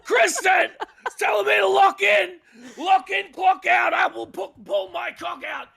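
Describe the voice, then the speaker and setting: Casting: high-voiced, gravelly man, loud profane co-host who shouts his rants. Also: fairly even intonation, unhurried. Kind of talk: profane comedic livestream chat.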